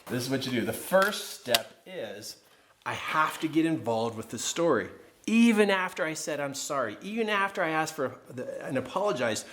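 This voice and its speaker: A man's voice: on the high side, fairly bright tone. Earnest man telling a personal story. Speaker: personal development trainer. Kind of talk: teaching through a personal story.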